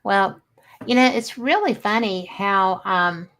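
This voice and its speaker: A woman's voice: medium pitch, a bit bright. A woman hosting a casual chat, talking reflectively and laughing easily. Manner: chatty, reflective, quick to laugh. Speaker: host.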